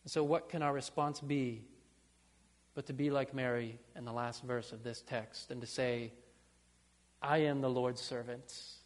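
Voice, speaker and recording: A man preaching a sermon as pastor, earnest, building to fervent pleas and dropping to soft, low phrases. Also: fairly even intonation, a little slow, big-room sound.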